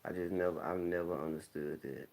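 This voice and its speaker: A man talking candidly in a laid-back, rambling monologue, clearing his throat often. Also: sits low, fairly even intonation, fairly quick, darkish tone. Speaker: vlogger. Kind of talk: casual monologue to camera. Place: home, smoking while talking.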